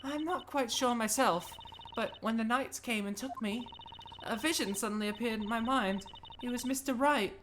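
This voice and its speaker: A woman's voice: on the high side, moderate pace, noisy background, lightly acted. A woman doing a timid stammering accused girl. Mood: pleading. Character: frightened gentle young woman on trial. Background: game music.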